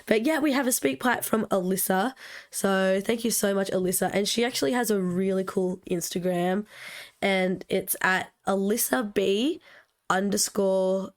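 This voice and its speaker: A woman's voice: medium pitch, unhurried. A woman with an Australian accent co-hosting a podcast, chatting casually and telling stories at an easy pace. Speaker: podcast co-host. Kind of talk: casual chat.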